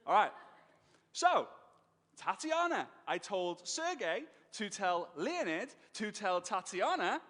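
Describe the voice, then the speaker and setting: An animated man tells his story on stage, with a high voice that jumps all over the place. He gets emotional and acts out the people in the story. The voice rings with the long reverb of a big hall. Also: slow pace. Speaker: speaker telling his business story on stage.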